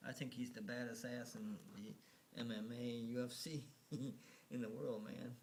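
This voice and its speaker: A man's voice: mid-range voice, little pitch movement, normal speed, a little hiss or hum. A man casually narrating a slideshow, rambling and hesitant, full of fillers and restarts, chuckling at his own remarks. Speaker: video narrator.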